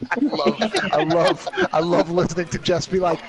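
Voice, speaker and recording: A man co-hosting casual video game commentary, excitable and rambling, swearing freely. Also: a little high, moderate pace, a loud crowd, low-quality recording. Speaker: podcast host and co-commentator. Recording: faint background noise.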